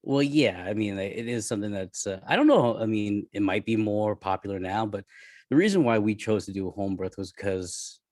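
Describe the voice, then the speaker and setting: A man from Canada co-hosting a podcast in relaxed, wry casual chat, chuckling between remarks. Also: lowish voice, dry recording, clean studio sound. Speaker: podcast co-host.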